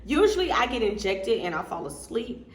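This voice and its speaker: A woman's voice: a little high, big pitch swings, normal speed. A young adult woman vlogger casually telling a candid story, chatty and full of fillers and laughter. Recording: echoey room with faint noise.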